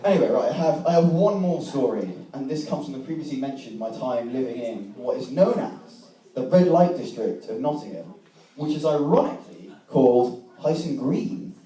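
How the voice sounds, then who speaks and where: A man's voice: mid-range voice, lively intonation, normal speed, mellow. Young man telling a comic story in an echoey hall. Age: young adult. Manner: self-mocking, swears freely, acts out remembered dialogue. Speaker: student speaker at a debating society. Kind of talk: comic storytelling to a live audience. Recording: echoey room, mic from a distance.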